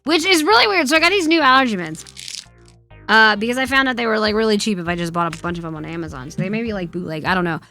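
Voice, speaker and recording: A woman's voice: mid-range voice, animated, fast talker, bright, forceful tone, soft background music. A woman streamer in casual live-stream chat, reading viewer questions aloud and answering with profane, teasing banter. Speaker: streamer host.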